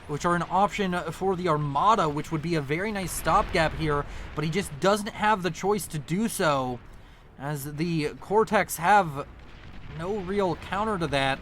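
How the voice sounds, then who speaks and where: A man giving casual live commentary on a real-time strategy match, chatty and quick to correct his own slips. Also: a little high, fairly bright tone, slight background noise. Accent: non-local accent, unnamed. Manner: chatty, self-correcting, apologetic about slips. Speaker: game caster.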